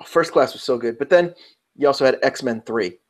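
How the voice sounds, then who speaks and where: Chatty New York podcast co-host. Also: male voice, mid-range voice, moderate pace. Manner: chatty, rambling, self-interrupting. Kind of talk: casual round-table chat.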